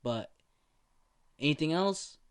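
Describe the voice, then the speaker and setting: A man's voice: a little high, expressive, slow, clean tone, voice pushed up. A man voicing a careless, smug young man talking on the phone in a spoken fan story.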